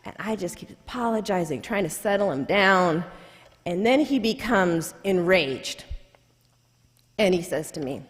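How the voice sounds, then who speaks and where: A woman's voice: lowish voice, lively intonation, measured pace. A woman who is a civil rights lawyer, telling a personal story in a public lecture in a college hall, emphatic and repeating key lines for effect. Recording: echoey hall with long reverb.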